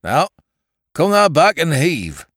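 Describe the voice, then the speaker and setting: A man voicing a rough country farmhand who speaks in blunt old dialect. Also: a little high, huge pitch swings, slow, fairly bright tone, no echo, clean studio sound, pitched above the performer's own voice, exaggerated voice. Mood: calling out.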